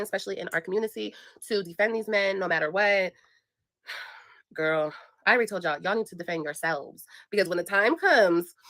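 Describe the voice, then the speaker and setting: Fast, bright-voiced young woman vlogger. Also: mid-range voice. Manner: blunt, profane, emphatic, addresses viewers directly. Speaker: vlogger telling a story. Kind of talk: casual storytime monologue.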